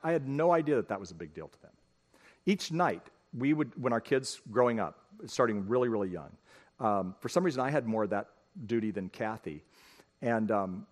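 A middle-aged man, a pastor, giving a conversational sermon, telling family stories and speaking straight to his congregation. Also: fairly low pitch. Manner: folksy, storytelling, addresses the congregation directly. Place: church sanctuary.

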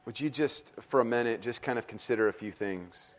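A man in his thirties preaching a sermon as a pastor, telling a family story in a lively way and laughing often. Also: mid-range voice, fairly quick, few pauses.

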